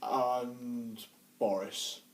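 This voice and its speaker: A man's voice: medium pitch, drawn-out words, distant mic. Playful young man, echoey room. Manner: playful and excitable, jumping in with jokes. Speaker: film reviewer. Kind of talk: casual chat. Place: indoor room.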